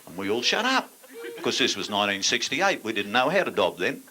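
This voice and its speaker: A man's voice: lowish voice, sing-song, fast, sharp tone. An older man with an Australian accent, a stand-up comedian telling crude yarns with blunt, dry punchlines to a laughing audience.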